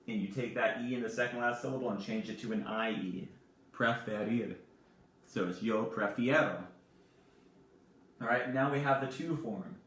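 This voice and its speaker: A man's voice: mid-range voice, far from the mic, noisy background. Patient man teaching in an echoey room. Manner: patient, spells words out letter by letter. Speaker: Spanish teacher. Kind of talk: recorded classroom lesson.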